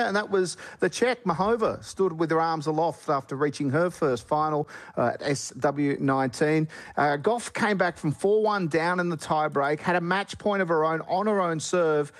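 An Australian man delivers the morning sports round-up on radio. His voice sits a little high for a man. He sounds upbeat and chatty as he runs through scores and results. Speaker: sports presenter.

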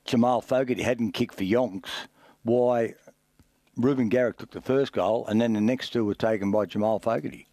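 A man talking rugby league on radio, earnest and halting as he offers stats and observations. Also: medium pitch, fairly even intonation, mellow, no room sound. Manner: earnest, halting, stat-focused. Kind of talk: sports radio banter.

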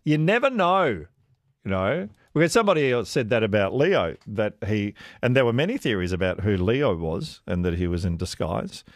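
A man's voice: medium pitch, no room sound, studio quality. A man hosting talkback radio, chatting with callers and laughing often. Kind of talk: warm casual on-air chat with callers. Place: radio studio.

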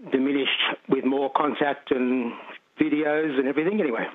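A man's voice: medium pitch, fairly even intonation, fairly quick. A man with an Australian accent calling in to a radio show, chatty and rambling with restarts. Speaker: caller. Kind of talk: radio call-in chat. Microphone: phone. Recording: tinny phone line.

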